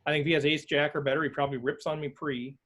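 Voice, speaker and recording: Man on a video call, slightly higher voice, talks through a poker hand step by step. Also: little pitch movement, very fast, a bit bright. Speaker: poker group member. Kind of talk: casual chat on a video call.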